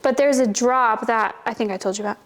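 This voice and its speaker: A woman co-hosts a podcast, chatting casually with a fairly high voice. She tells stories with lively animation and pokes fun at herself, laughing easily as she goes. Her delivery stays loose and conversational. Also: brisk. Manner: animated, self-mocking storyteller who laughs often. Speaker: podcast co-host. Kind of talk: casual chat.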